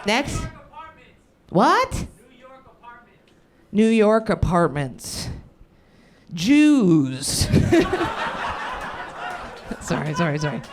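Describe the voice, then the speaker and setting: A woman's voice: medium pitch, big pitch swings, some chatter behind, slight background noise. Brash profane woman doing stand-up. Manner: brash, profane, fast-turning riffs. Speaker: stand-up comedian. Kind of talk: improvised stand-up.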